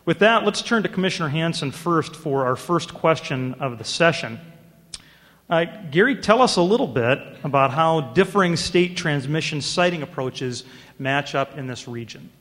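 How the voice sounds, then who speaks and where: A man moderates a panel at a conference, introducing each guest with frequent "uh" pauses and a bit of gentle ribbing. His voice carries a long reverb from a large hall. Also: fairly high pitch, expressive. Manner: halting, many "uh" fillers, light teasing.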